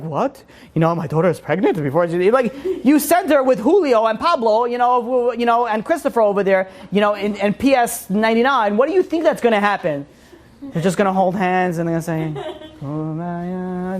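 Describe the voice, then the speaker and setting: A man giving an informal religious class, rambling with many restarts and animated asides. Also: sits high. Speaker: Torah teacher.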